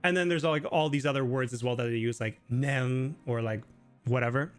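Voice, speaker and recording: A man's voice: medium pitch, steady tone, a little fast, clean tone, soft background music. A man hosting a casual live Q&A stream, explaining Japanese in a chatty way full of filler words. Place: living in Japan.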